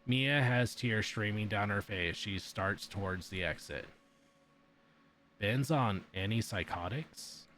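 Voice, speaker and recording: A man's voice: lowish voice, unhurried, hardly any pauses, pushed and bright, a little hiss or hum. A man streamer reading a visual novel's text aloud during a playthrough, breaking in with blunt sworn reactions.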